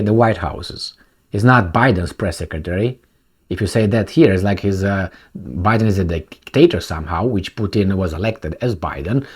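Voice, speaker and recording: A man's voice: fairly low pitch, darkish tone, slightly rough. A man reading a news article aloud and commenting on it, sarcastic and full of rhetorical questions. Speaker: political commentator.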